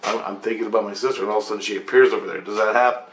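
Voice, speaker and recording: A man's voice: fairly low pitch, steady tone, racing. Rambling man in an echoey room. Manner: loose, profane, meandering with restarts. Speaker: vlogger recounting a dream. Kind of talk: rambling casual storytelling. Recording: echoey room with faint ambience.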